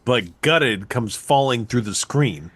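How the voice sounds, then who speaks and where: A man co-hosting a podcast, his voice worn hoarse. He talks with a lively, bouncing pitch and keeps jumping in to push back. The sound is dry and close. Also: dry recording. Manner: excitable, quick to jump in with objections. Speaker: podcast co-host. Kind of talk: casual chat.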